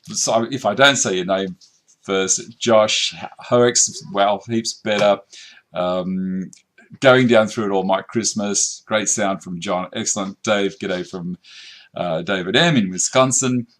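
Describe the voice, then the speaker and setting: A man's voice: fairly low pitch, slow, a bit bright. A middle-aged man, casually chatting on a woodworking live stream while reading out viewer comments. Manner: casual, chatty, laughs easily. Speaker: woodworking channel host.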